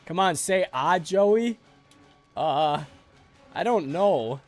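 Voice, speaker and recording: A man's voice: fairly high pitch, expressive, drawn-out words, darkish tone, soft background music. A man streaming a game live, joking and rambling sleepily with his chat.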